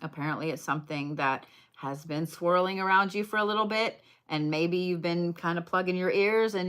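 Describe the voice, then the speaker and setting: A woman's voice: fairly low pitch, normal speed, a bit bright, clean tone. A woman doing a casual livestream card reading, blunt, chatty and full of swearing as she talks to viewers.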